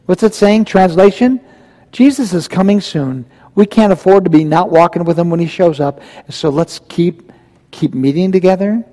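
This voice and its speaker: A man preaches a sermon with a fairly high, mellow voice, speaking emphatically and throwing rhetorical questions at his congregation. His voice rings with the long reverb of a large church hall. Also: moderate pace. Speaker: pastor. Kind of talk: verse-by-verse sermon.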